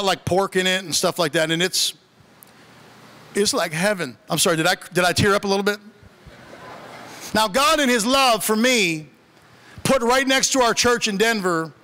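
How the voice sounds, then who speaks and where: Bright-voiced man preaching with humor. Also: high voice. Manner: conversational, humorous storytelling. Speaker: pastor. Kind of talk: sermon. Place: church sanctuary. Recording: long church reverb.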